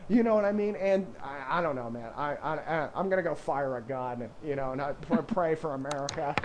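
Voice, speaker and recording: A man's voice: on the high side, brisk, a little hiss or hum. A young man co-hosting a podcast in casual chat, rambling with many fillers and laughing often at himself. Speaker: podcast co-host, professional poker player.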